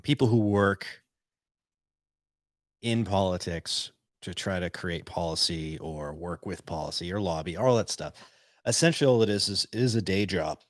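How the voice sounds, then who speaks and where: A man's voice: low voice, dry recording. A man hosting his own podcast, talking casually and rambling, with lots of fillers and restarts, close on a studio mic. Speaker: podcast host. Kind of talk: casual solo podcast talk. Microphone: studio podcast mic on boom arm.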